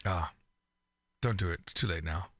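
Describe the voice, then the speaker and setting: A man co-hosting a podcast in casual chat, telling stories with lively delivery and acting out quoted lines. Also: low-pitched, moderate pace, no echo. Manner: animated storyteller, acts out quoted lines. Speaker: podcast co-host.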